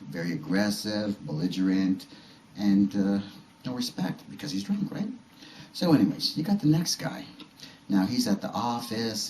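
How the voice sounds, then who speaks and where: A man in his fifties with a deep, low voice talks in a loose, rambling way full of fillers. He tells his stories in a streetwise style and slips in quick acted-out lines. The sound is roomy and echoey, with a faint hiss of ambient noise underneath. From Canada. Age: 50s. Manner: acts out characters' lines in short quoted bits. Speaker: vlogger. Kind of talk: casual monologue, storytelling.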